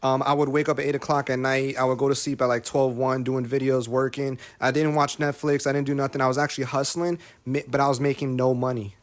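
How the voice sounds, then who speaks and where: A man's voice: medium pitch, little pitch movement, quick pace, few pauses. Emotional, preachy man in his thirties. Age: 30s. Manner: emotional, preachy, repeats phrases. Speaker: guest, rapper and content creator. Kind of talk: candid podcast conversation.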